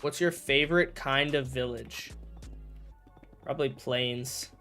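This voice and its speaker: A man's voice: medium pitch, takes it slowly, bright, forceful tone, soft background music. A man streaming a game and chatting casually, rambling and correcting himself as he talks, with jokey mock outrage. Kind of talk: casual livestream chat while gaming.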